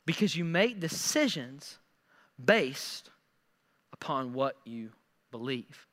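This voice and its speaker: A man preaching a sermon, animated and repeating words as he acts out scripture quotes. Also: mid-range voice, slow, long reverb tail. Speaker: pastor.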